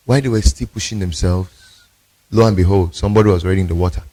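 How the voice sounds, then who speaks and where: A man's voice: deep voice, steady tone, rapid-fire, warm tone. A male pastor, preaching emphatically and telling stories in a sermon.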